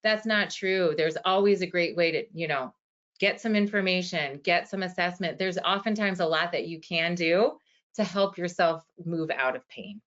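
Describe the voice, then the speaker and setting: A woman's voice: lowish voice, moderate pace, a bit bright. A woman in her forties, a physical therapist, answering questions in a webinar in an earnest, conversational way with many fillers. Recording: dull lo-fi webinar audio.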